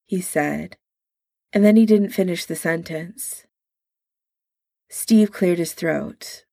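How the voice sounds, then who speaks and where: A woman reading a story aloud in a calm, measured way. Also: lowish voice, vocal fry, dry recording, clean studio sound. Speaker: narrator.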